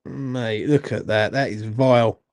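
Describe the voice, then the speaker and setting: A man's voice: medium pitch, steady tone, measured pace, a little mellow, no room sound, studio quality. A young man, hosting a live horse racing watchalong, swearing and grumbling in a rambling way. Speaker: watchalong host.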